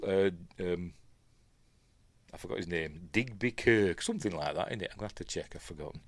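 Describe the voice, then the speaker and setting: Recorded dry, this low-voiced, middle-aged man speaks with a Yorkshire accent. He reviews films from home, giving a chatty, rambling commentary and frequently correcting himself.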